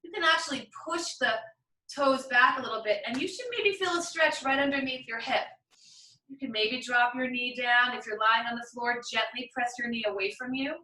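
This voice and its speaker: Woman yoga teacher, bright voice, a bit high, encouraging, echoey room off-mic. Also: moderate pace, far from the mic. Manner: encouraging, chatty, talks through each move. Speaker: yoga instructor. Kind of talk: guided yoga class instruction.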